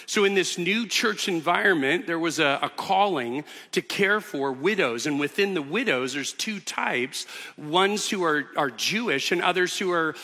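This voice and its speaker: A man's voice: fairly high pitch, lively intonation, unhurried, sharp tone, in a large hall. A man preaching a sermon as pastor, teaching earnestly with emphatic repetitions in a church auditorium.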